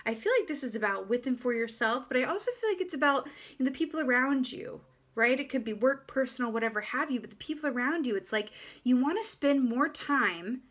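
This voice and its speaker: A woman giving a casual, gentle tarot reading to her viewers, reflective and full of fillers and restarts. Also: high-pitched, lively intonation, fairly quick. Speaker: tarot reader.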